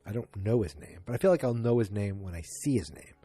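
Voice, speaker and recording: A man's voice: fairly low pitch, expressive, fast talker, mellow, no room sound, faint music behind. A man hosting a solo podcast, rambling through a casual recap with many fillers. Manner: rambling, filler-heavy retelling. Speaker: podcast host. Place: home, alone.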